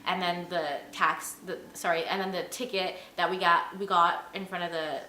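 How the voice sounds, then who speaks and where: A young woman in a casual vlog, telling a travel story in an animated, chatty way, full of "like" and "you know". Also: fairly low pitch, moderate pace, a little hiss or hum. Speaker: travel vlogger. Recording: echoey room.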